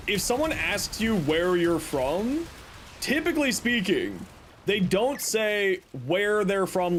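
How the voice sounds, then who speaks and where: Young male streamer, bouncy and high-pitched, loose joking chat at the mic, faint room hum. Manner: playful, teasing, joking deadpan bits. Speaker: game streamer chatting with viewers. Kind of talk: casual live-stream chat.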